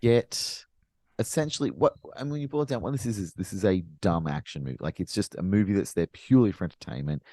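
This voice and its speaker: A very low-voiced man talking films in casual podcast chat. He builds his points at length with emphatic enthusiasm. The sound is close and dry, with no room at all. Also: expressive, brisk, warm tone, no echo. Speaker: podcast co-host.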